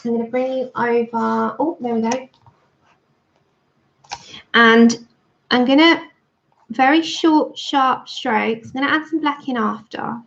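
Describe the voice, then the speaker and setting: A woman's voice: fairly high pitch, fairly even intonation, takes it slowly, creaky, long pauses, fairly bright tone. A woman chatting casually to her livestream viewers while she colours, thanking them by name. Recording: dull lo-fi stream audio.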